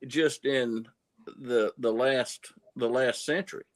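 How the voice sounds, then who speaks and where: Brief: Southern man, coin-dealer guest, folksy yarn-spinner, mid pitch, restarts and repeats. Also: steady tone, slow, crowd noise. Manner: folksy storyteller, repeats words as he goes. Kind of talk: casual livestream chat.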